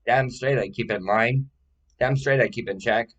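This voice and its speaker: A man's voice: mid-range voice, moderate pace, a bit bright, lo-fi sound. A man talking to the camera in a rambling personal monologue, profane and full of repeated, restarted phrases.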